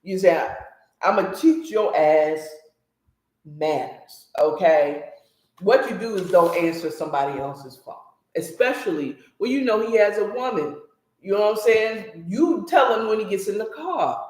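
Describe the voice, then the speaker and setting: A woman's voice: medium pitch, normal speed. A woman casually recapping a story with blunt, opinionated commentary, talking straight to her listeners. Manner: animated, blunt and opinionated, talks to listeners directly. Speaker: book recap host. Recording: roomy echo.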